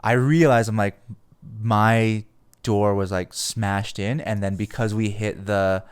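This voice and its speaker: Rambling low-voiced man, dry close mic. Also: fairly even intonation, slow pace, clear, resonant tone, dry recording. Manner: rambling, heavy on "like" fillers, swears freely. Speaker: podcast host. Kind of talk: casual storytelling.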